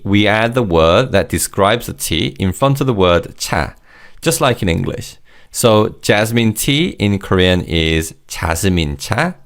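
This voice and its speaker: Lively, low-voiced male language teacher. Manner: slow, clear modelling of words for learners to repeat. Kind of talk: scripted language lesson.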